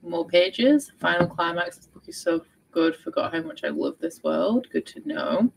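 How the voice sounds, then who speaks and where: Chatty young woman, gravelly edge. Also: lowish voice, moderate pace, slight background noise, low-quality recording. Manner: chatty and rambling, reads out viewers' updates. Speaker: book vlogger hosting a readathon livestream. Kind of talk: casual chat.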